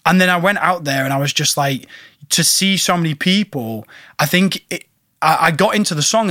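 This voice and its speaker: A man's voice: on the high side, brisk, pushed and bright, no room sound, clean studio sound. A man, a singer-songwriter guest, chatting casually and telling stories with lots of restarts and self-deprecating humor. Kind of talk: casual chat.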